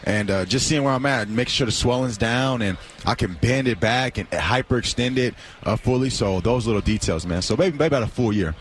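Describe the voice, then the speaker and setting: Easygoing young man, relaxed guest. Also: mid-range voice, a little fast, hardly any pauses, a little hiss or hum. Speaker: guest football player. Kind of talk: casual interview.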